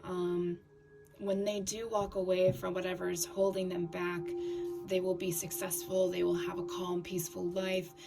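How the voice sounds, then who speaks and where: A woman giving a tarot reading in a scratchy voice, talking haltingly with fillers and restarts. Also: lowish voice, monotone, vocal fry. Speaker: tarot reader. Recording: distant mic with background music.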